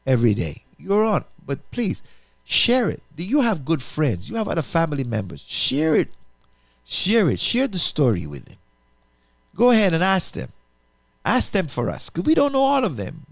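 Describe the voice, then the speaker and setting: Animated man pleading earnestly. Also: on the high side, no echo. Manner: emphatic, repetitive, rhetorical questions, restarts. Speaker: pastor and radio show host. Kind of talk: impassioned appeal on a talk show.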